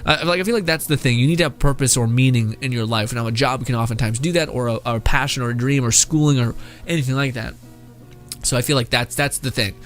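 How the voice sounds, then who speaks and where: A man's voice: mid-range voice, fast, soft background music. A young man casually reacting to memes, laughing often and swearing while he rambles.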